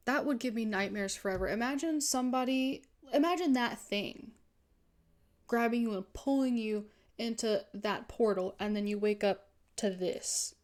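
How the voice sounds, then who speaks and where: A woman's voice: fairly high pitch, normal speed. A young woman streaming a video game, chatting animatedly with her viewers and reacting to the story. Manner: animated, chatty, reads game text aloud. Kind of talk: live gaming commentary.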